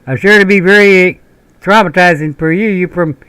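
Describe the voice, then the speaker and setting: A brash Southern Army sergeant, as a man puts him on while telling a story barks blunt, profane lines. The voice sits higher and louder than the storyteller's own. The sound is dry and close. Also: normal speed, smooth, dry recording.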